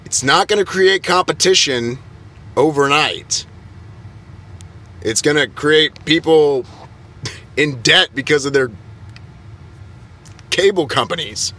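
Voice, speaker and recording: A young man working as an IT technician rants on a heated vlog, sounding flustered and exasperated as he stumbles over his words. His voice is a little high and sharp in tone, and he speaks slowly with long pauses.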